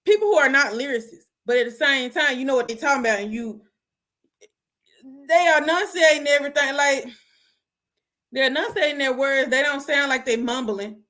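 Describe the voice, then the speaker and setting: A young woman hosting her own show, giving casual opinions on music in an animated, slangy way. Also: sits high, normal speed. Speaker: host.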